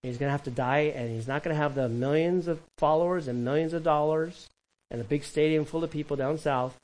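A man preaching a sermon as pastor, animated and conversational, with quick asides to the congregation. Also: a little high, low-quality recording.

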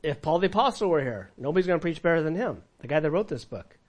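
A male pastor preaching a sermon, asking the congregation questions and swinging between loud and quiet. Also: fairly high pitch, expressive, quick pace. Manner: preaching with audience call-and-response, dramatic volume swings.

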